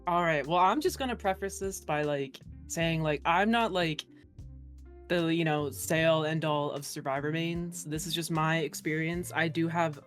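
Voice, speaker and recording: A woman's voice: sits low, moderate pace, soft background music. A woman streamer talking as an interview guest in a casual, chatty way, laughing often and filling her talk with "like".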